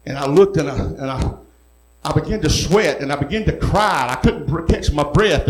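A man's voice: a little high, expressive, moderate pace. Folksy preacher telling his testimony. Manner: earnest, folksy storytelling with rural speech. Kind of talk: sermon testimony. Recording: echoey room.

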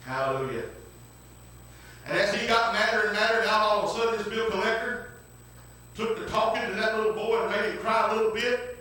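A man's voice: sits high, brisk, long pauses, pushed and bright. A man preaching a folksy storytelling sermon, repeating himself and breaking in with hallelujahs and amens. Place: church. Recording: very echoey room, distant mic.

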